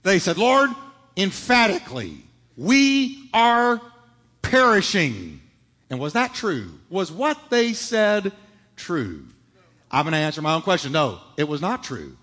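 Animated preacher in a big echoing hall. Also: male voice, on the high side, moderate pace. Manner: emphatic preaching with rhetorical questions. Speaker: pastor. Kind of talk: sermon. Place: church sanctuary. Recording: reverberant hall.

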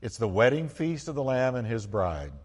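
A man preaching as pastor to his church, fervent, building to loud exclamations and calling the congregation to respond. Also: medium pitch, sing-song, moderate pace, big-room sound. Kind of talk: sermon. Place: church sanctuary.

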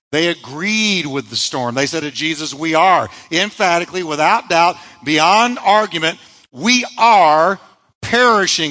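A man's voice: on the high side, bright, forceful tone, in a large hall, rough recording. A male pastor preaching a sermon, emphatic, asking rhetorical questions and answering them himself.

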